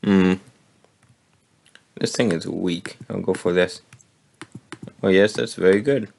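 Low gravelly guy narrating his game slowly, a bit hoarse, keys clicking behind. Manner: relaxed, thinking aloud while playing. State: slightly hoarse. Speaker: gaming video host. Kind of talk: casual gameplay commentary.

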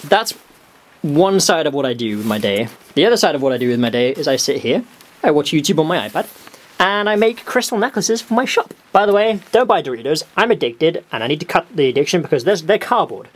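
A man's voice: a little high, big pitch swings, brisk. A young man talking casually and wryly to the camera from a dim room at his desk, meandering and laughing at himself. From Wales. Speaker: vlogger. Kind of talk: casual rambling vlog.

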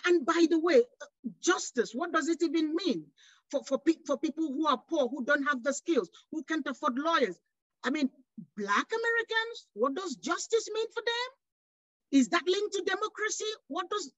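A high-voiced woman from West Africa argues on a panel with passion, firing off rhetorical questions and restarting her sentences. Her voice comes through a dull, lo-fi, dry recording. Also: animated, normal speed, fairly bright tone, no room sound. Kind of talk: panel discussion.

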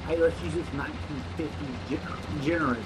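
A man's voice: on the high side, fairly even intonation, fairly quick, heavy background noise. A man with the hiccups giving casual, joking commentary while playing a video game, laughing often. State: has the hiccups. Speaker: let's play co-host.

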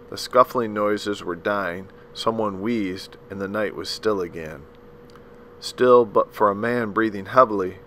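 A man's voice: lowish voice, bright, forceful tone, a little hiss or hum, poor audio. Man reading a novel aloud. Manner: measured, dramatic storytelling with a few slips. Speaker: audiobook reader. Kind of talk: scripted narration of a novel.

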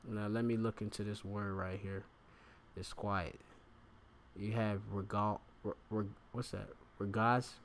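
Casting note: man with a lowish voice, relaxed bible teacher, reads verses then chats through them. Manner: reads scripture aloud, pausing to explain words with frequent fillers. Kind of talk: informal scripture lesson.

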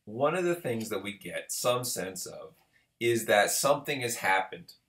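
A man's voice: fairly low pitch, expressive, measured pace, fairly bright tone. A man giving a recorded literature lecture in a conversational way, often checking in with the listener. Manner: conversational, checks in with "right?" and "okay". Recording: roomy echo.

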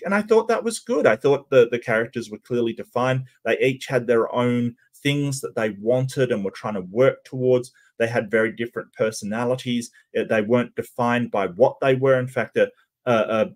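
Hesitant man giving casual commentary. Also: mid-range voice. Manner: hesitant, many stammered restarts and ums. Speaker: channel host reacting to cartoon clips.

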